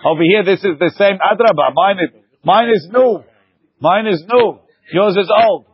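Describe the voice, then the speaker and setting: A man teaching a lively Talmud class, arguing points back and forth with his students. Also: sits high, normal speed, slightly rough, no echo, lo-fi sound.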